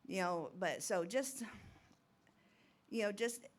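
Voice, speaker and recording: A woman's voice: mid-range voice, lively intonation, takes it slowly. A middle-aged woman giving an informal, rambling testimony talk at a recovery ministry, nervous and laughing often.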